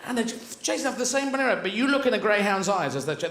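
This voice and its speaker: A man's voice: high voice, animated, racing. A British man doing a stand-up routine on a theatre stage, theatrical and rambling, jumping into silly character voices. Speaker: stand-up comedian. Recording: live theatre recording, roomy with loud audience.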